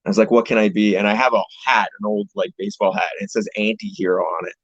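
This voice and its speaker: A man's voice: lowish voice, steady tone, quick pace, breathy edge, no room sound. A young man from Canada, a pro wrestler, chatting casually as an interview guest in a laid-back, rambling way with casual swearing, heard over a video call. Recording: dull lo-fi call audio, dry.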